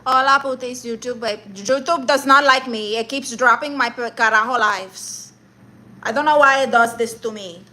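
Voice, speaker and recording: A woman's voice: on the high side, normal speed, bright, forceful tone. A woman live streaming comedy who rants and roasts her viewers in a brash, sassy, mock-insulting way, with Spanish exclamations thrown in.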